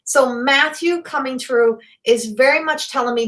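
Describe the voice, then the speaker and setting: Middle-aged woman, medium doing a live reading; higher voice, rambling and excitable, salty language. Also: normal speed, hardly any pauses. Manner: rambling, excitable, swears freely. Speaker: psychic medium.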